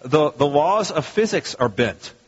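A man's voice: fairly high pitch, expressive, unhurried, breathy edge. A man preaching a sermon to his congregation in a conversational, emphatic way, often restarting his sentences. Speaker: pastor. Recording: muffled sound in a reverberant hall.

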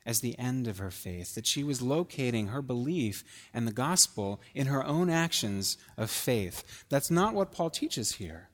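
Preaching man in a reverberant church hall. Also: mid-range voice. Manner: conversational, asks the congregation questions, acts out quoted dialogue. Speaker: pastor. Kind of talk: sermon.

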